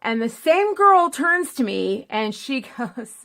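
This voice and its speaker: Woman, casual vlog chat, rambling, filler-heavy, gravelly, fairly high. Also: very animated, slow pace, pushed and bright. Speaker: film vlogger.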